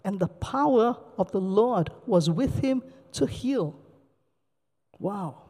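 Mellow-voiced preacher in a reverberant hall. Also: medium pitch, animated, a little slow. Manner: storytelling, emphatic repetition. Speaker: pastor. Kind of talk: sermon.

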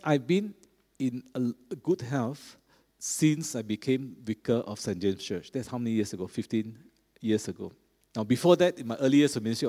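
A middle-aged male pastor, preaching in an easy, conversational manner with frequent asides to the congregation. His voice sits on the lower side. The sound carries the long, lingering reverb of a large church. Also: a little mellow. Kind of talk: sermon.

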